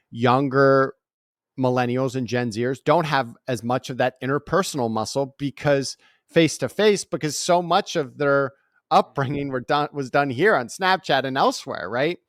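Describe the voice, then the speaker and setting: With a mid-range voice at normal speed, this man in his 40s, a guest author and speaker, recounts stories with lively energy during an interview, frequently asking "right?". The recording is dry and studio quality.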